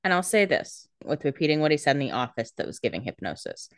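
A woman's voice: low-pitched, big pitch swings, no echo, clean studio sound. A woman co-hosting a podcast, chatting casually and throwing out theories about a TV show. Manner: chatty, speculative, quick asides. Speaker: podcast co-host.

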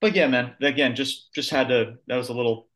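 A man co-hosting a podcast, giving a casual, animated wrestling review with blunt, sweary rants. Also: medium pitch, a little fast. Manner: ranting, animated, swears freely. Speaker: podcast co-host.

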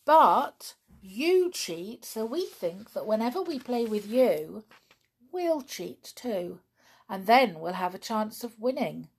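A woman voicing a calm, clever young boy who explains things patiently and reasonably. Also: fairly high pitch, slow pace, breathy edge, pitched above the performer's own voice, exaggerated voice. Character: calm, clever boy teaching a friend a lesson.

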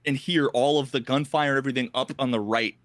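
A man co-hosting a podcast, telling a gaming story in casual, animated talk, acting out other players in quick voices and swearing freely. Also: medium pitch, no room sound. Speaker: podcast co-host.

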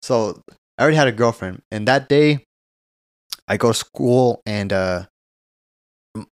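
A man's voice: mid-range voice, a little slow, no echo. A man in the middle of his range tells a childhood story on a casual podcast, swearing freely and acting out what everyone said. The voice is close and dry, with no room sound. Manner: profane, animated storytelling with acted-out quotes. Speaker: podcast co-host.

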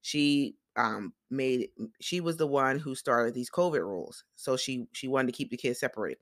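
Sassy, bright-voiced podcast host. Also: mid-range voice, dry recording, clean studio sound. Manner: animated, acts out others' quotes in quick voices; blunt and sassy, heavy swearing. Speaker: podcast host reviewing a reality show. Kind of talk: casual profane recap monologue.

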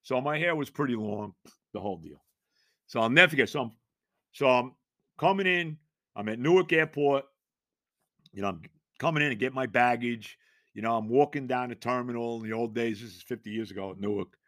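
A man in his sixties, hosting a podcast, tells a rambling, animated story in casual chat, repeating himself and laughing along the way. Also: medium pitch, brisk, pauses often, no room sound, clean studio sound. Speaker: podcast host.

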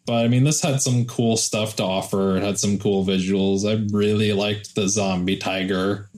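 A man's voice: fairly low pitch, fairly even intonation, normal speed, darkish tone. A man giving a hesitant, noncommittal opinion in a casual film podcast chat.

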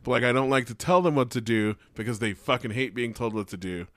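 A man's voice: medium pitch, fast. A young man, a teacher and podcast co-host, ranting with profane exasperation in a casual chat.

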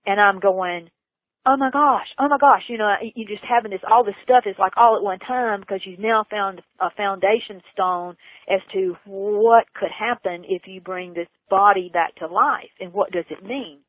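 A woman earnestly telling a personal story in an interview, her voice leaping high when she gets excited. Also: moderate pace, no echo. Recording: tinny phone line, dry.

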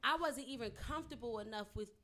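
A young woman guest in a casual podcast chat, animated and emphatic when making her point. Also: a little high, fast talker. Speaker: guest intern.

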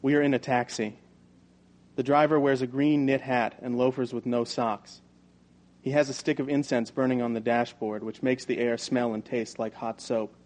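Male audiobook narrator, mid-range voice, even and measured first-person storytelling. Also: medium pitch. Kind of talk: first-person novel reading.

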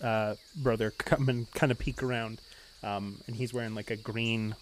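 A man narrating a tabletop game as game master, in a casual, halting way. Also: lowish voice, fairly even intonation, a little hiss or hum.

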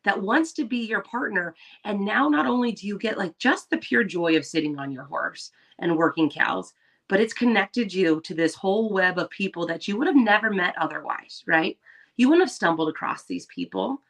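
A woman's voice: medium pitch, moderate pace. A woman co-hosting a podcast, telling stories in casual chat and acting out what others said. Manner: animated storyteller, acts out quoted voices. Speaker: podcast co-host.

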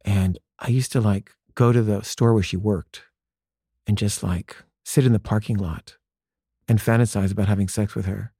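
Guy telling a story about his own life, chatty with lots of "like"s, warm low-key tone, dry close sound. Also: fairly even intonation, moderate pace, breathy edge, no echo. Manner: conversational, frequent "like" fillers, acts out quoted dialogue. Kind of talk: personal storytelling monologue.

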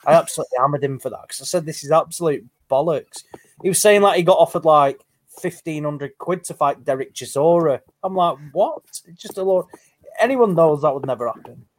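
A man's voice: on the high side, brisk, dry recording. A man, co-hosting a casual boxing podcast, telling an amused, rambling story. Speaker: podcast co-host.

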